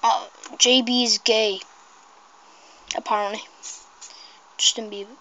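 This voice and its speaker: A woman with a high voice chats through a video game at an unhurried pace. She rambles and breaks into excited shrieks at every crash. The sound is dry and close, with no room around it. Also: no room sound, poor audio. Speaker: gameplay commentator. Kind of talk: casual gameplay commentary.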